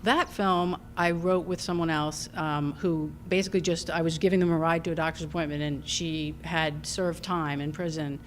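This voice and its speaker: A woman with a Long Island accent, a filmmaker talking through her work in a casual interview, thoughtful and halting with many ums and restarts. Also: low voice, fairly even intonation, a little hiss or hum. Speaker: filmmaker guest.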